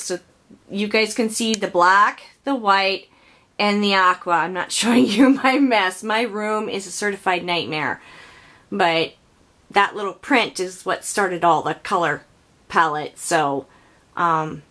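A woman opening a craft gift box on her home unboxing vlog, gushing and softly exclaiming as she films in her craft room on a camera on a tripod. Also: mid-range voice.

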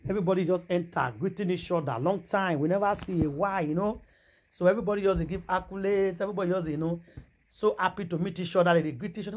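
A woman with a Nigerian accent telling a gossip story in a casual vlog, animated and exclamatory, mixing Pidgin and English. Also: lowish voice, fast talker, a little hiss or hum. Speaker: gossip vlogger.

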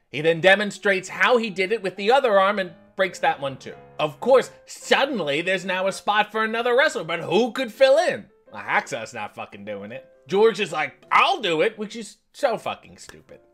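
A man's voice: high-pitched, a bit bright. A man hosting a comedic recap of a TV episode, with sarcastic, profane asides. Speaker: host.

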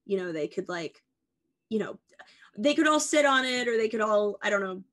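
A woman's voice: medium pitch, animated, normal speed, a bit bright. A woman in her twenties co-hosting a podcast, chatting casually and rambling playfully through goofy tangents. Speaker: podcast co-host. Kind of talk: casual comedic chat.

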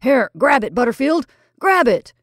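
Woman putting on a booming, hearty gentleman. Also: sing-song, moderate pace, no room sound, clean studio sound. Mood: exclaiming. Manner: booming and exclamatory. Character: hearty, stern middle-aged gentleman of the house.

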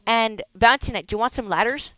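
A woman hosting a gameplay video, chatting casually and crying out in excitement whenever danger strikes. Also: a little high, fairly quick, rough recording. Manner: excitable, yelps and cries of no at danger. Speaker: gaming video host. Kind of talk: casual Minecraft gameplay commentary.

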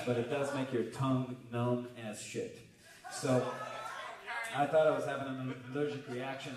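A man's voice: mid-range voice, a little mellow. A man, a guitarist, telling a casual, swearing comic story on stage between songs at a live music venue, on a stage mic. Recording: roomy live venue from far off.

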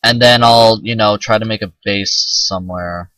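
A man's voice: on the low side, fairly even intonation, normal speed, pushed and bright, no room sound, poor audio. A man casually commenting on his own gameplay, rambling and self-mocking and swearing often. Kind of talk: casual let's-play commentary.

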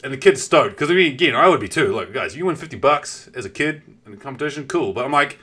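Male streamer, bright voice, lively pitch, casual storytelling, swears a lot. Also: fast talker, husky. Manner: animated, swears freely, talks straight to chat.

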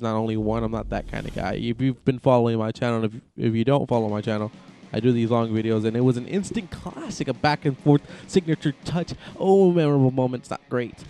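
A young man commentating his own wrestling video game, excitable and joking, swearing often. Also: mid-range voice. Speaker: gaming channel host. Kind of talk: casual gameplay commentary.

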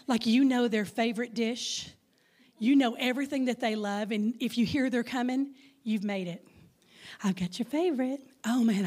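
Texan woman in her 50s preaching to moms, playful, keeps tossing questions at the crowd, slightly high voice. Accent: Texas. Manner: lively, playful, calls out questions to the congregation. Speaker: guest speaker. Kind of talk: Mother's Day sermon with audience call-and-response.

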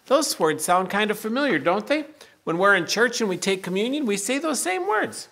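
Gentle man telling children a Bible story. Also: high-pitched, big pitch swings, moderate pace. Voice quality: gentle, explaining simply to children. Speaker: pastor giving children's message. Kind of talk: children's sermon, storybook reading.

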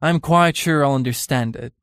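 A man voicing a witty, cynical young aristocrat in an audiobook, talking in a lively and amused way. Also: mid-range voice, normal speed, no echo, studio quality, close to an everyday voice.

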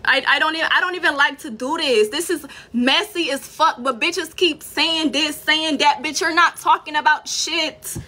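A young woman from Saint Thomas in the US Virgin Islands rants on a livestream, furious, profane, and threatening. Her voice is high and sharp, moving at a moderate pace with hardly any pauses, and her Virgin Islands accent comes through.

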